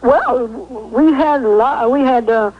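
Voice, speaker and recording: A woman's voice: fairly high pitch, a little slow, a crowd in the background. A woman calling a radio show, scolding and indignant, with hesitant fillers, heard over a lo-fi phone line. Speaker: caller. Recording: lo-fi telephone call on radio.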